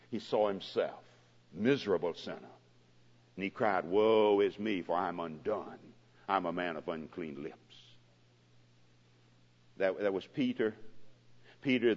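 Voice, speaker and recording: A man preaching a sermon as pastor, his voice swelling and dropping dramatically in pitch and loudness, recorded in a church. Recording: dull lo-fi recording with long hall reverb.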